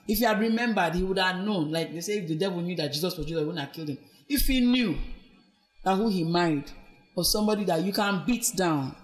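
A woman with a Nigerian accent, an abuse survivor appearing as a podcast guest, earnestly recounts her life and weaves in her faith. Her voice is on the low side and she talks fast over faint background music. It's reflective personal testimony.

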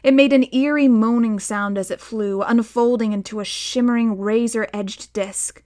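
A woman narrating a novel aloud in a steady storytelling manner, voicing the dialogue. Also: on the high side, normal speed. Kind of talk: audiobook narration.

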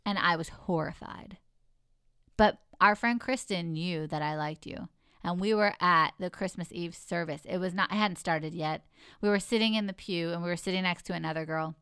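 A woman in casual conversation, telling a story in an animated, expressive way. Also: fairly low pitch, moderate pace, clean tone, no room sound, clean studio sound. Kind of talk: casual chat.

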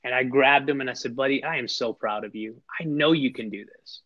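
A middle-aged man speaks earnestly as a podcast guest, his voice neither high nor low. He often repeats a word before his thought settles. The recording is slightly muffled and lo-fi. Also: brisk. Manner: earnest, emphatic, repeats words when starting sentences. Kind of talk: heartfelt conversational storytelling. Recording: slightly dull lo-fi sound.

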